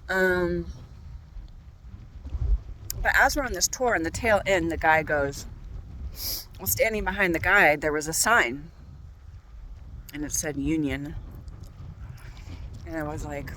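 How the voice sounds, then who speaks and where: A woman's voice: lowish voice, slow, long pauses, bright, forceful tone, slight background noise, rough recording. A woman tarot reader talking to her viewers outdoors on a walk, bubbly and gushing. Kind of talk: tarot reading vlog outdoors. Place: outdoors on a walk by a golf course.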